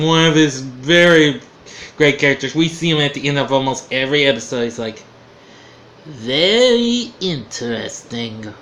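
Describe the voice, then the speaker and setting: A man with a bright, fairly high voice talks through an old comedy show in a casual vlog. He rambles at a slow, easygoing pace, chuckling and losing his train of thought. Faint hiss in the background. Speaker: vlogger reviewing an old TV show.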